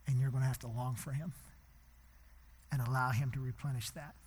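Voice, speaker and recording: A man preaching a sermon as pastor in a church, impassioned, swinging between hushed and loud. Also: mid-range voice, little pitch movement, brisk, breathy edge, in a large hall.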